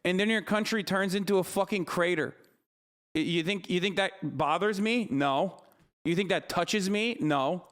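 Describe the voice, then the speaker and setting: A man's voice: sits high, normal speed, a bit bright. A man in his thirties ranting profanely and mockingly as a livestream streamer reacting to content.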